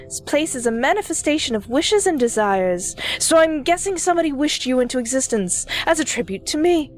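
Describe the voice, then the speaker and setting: A woman's voice: high-pitched, expressive, a little fast, faint music behind. A woman voicing a pompous elderly man with a British accent who claims to be God. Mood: haughty. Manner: smug, self-important, condescending.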